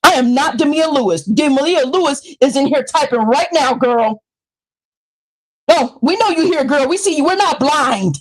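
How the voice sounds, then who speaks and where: High-voiced woman ranting on a livestream. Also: animated, normal speed, low-quality recording. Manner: confrontational, taunting, preachy; swings between low mutters and high shrieks. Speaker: live streamer. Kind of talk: livestream rant reading a letter aloud.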